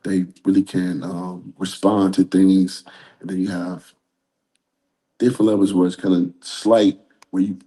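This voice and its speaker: A man with a deep, warm voice speaks a little slowly and in a level tone as an interview guest. He talks candidly and earnestly, rambling in a casual, conversational way.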